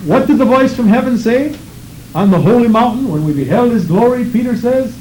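A man preaching with fervor, his high voice swooping widely between phrases as he reads scripture and prays. The tone is mellow and soft-edged. A faint hiss of church background sits behind him. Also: lively intonation, a little fast, poor audio. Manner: fervent, rhythmic preaching with scripture reading. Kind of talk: sermon.

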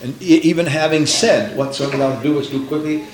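A man preaching a sermon, swinging from hushed tones to shouted, dramatic passages. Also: on the high side, normal speed. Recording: roomy echo with faint background noise.

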